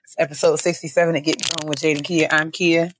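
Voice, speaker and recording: Lower-pitched woman co-hosting a chat podcast. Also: fast, a little hiss or hum. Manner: animated storyteller, laughs often. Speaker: podcast co-host. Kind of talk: casual chat.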